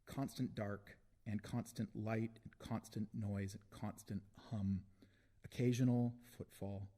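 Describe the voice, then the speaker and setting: Slow, low-voiced man reading poetry. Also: fairly even intonation, dark tone. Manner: slow, deliberate delivery with dramatic pauses. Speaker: poet. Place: concert hall at a live event.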